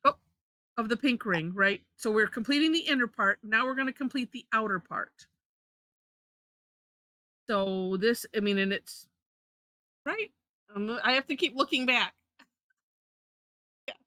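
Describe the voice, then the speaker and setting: A woman's voice: fairly high pitch, animated, a little slow, long pauses, pushed and bright, dry recording. A woman leading a live drawing lesson, chatty, correcting herself and laughing often. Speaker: drawing instructor.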